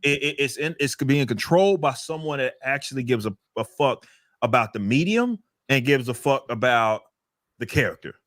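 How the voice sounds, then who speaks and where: A man's voice: mid-range voice, lively intonation, normal speed, a bit bright, no echo, clean studio sound. A man chatting on a podcast, ranting and swearing, often repeating words as he thinks. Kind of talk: casual podcast chat.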